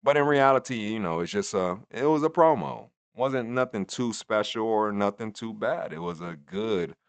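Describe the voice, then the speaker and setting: A man's voice: fairly low pitch, lively intonation, moderate pace, clean tone, no room sound. A man in his twenties giving a rambling, profane, casual recap of a wrestling show. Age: 20s. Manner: rambling, profane, laid-back.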